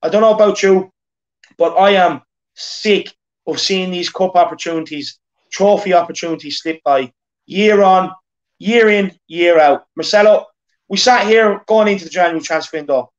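A man's voice: high voice, normal speed. An Irish man around thirty hosting a football fan show, talking earnestly and repeating himself as he rallies the fans. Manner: earnest, repetitive, rallying the fans. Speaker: fan channel host. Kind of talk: casual football rant. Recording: dull lo-fi audio.

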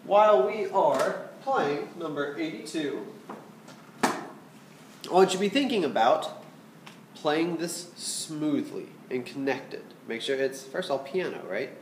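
A man's voice: a little high, lively intonation, a little slow, echoey room, background noise. A man teaching a flute lesson, explaining patiently and checking in with his students. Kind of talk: music lesson instruction.

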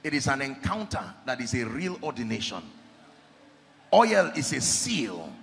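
A man preaching an impassioned sermon, often shouting, with sing-song delivery. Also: mid-range voice, big pitch swings, measured pace, vocal fry. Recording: echoey hall with faint music.

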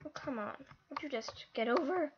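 A female host giving live gameplay commentary, excitable and easily frustrated, with lots of exclamations. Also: high voice, moderate pace, muffled recording, background noise. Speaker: gaming channel host.

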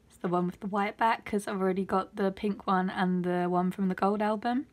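Excitable woman vlogger, gushing. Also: medium pitch, fairly quick. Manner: excitable and gushing, with gasps and squeals. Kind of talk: casual unboxing vlog.

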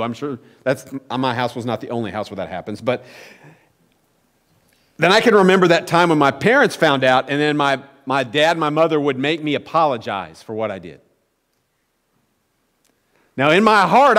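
Animated preaching pastor in reverberant church. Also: male voice, a little high. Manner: animated, conversational storytelling with rising emphatic peaks. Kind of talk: sermon. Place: church sanctuary. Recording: long church hall reverb.

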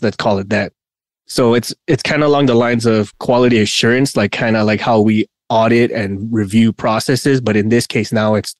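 A man's voice: mid-range voice, no room sound. Giggly man chatting on a podcast, dry sound. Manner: laughs often, rambling with restarts. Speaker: podcast co-host. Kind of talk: casual podcast chat.

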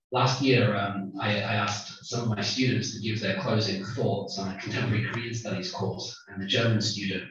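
A man's voice: mid-range voice, noisy background. A man giving a public lecture in a hall, in a chatty, humorous way, sprinkling in Korean phrases. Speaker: guest lecturer. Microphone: microphone, far from the recorder. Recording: echoey distant dull hall recording.

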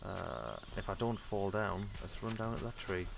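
A man's voice: sits low, big pitch swings, moderate pace, gravelly, noisy background. A man giving casual gameplay commentary, chatty and self-mocking, often muttering to himself as he plays. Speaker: let's play commentator.

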